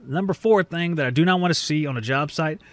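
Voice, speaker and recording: Southern guy rambling on his podcast, kinda high voice, jokey, dry close sound. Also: quick pace, dry recording. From American South. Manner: joking, rambling, self-deprecating. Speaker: podcast host. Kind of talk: casual monologue.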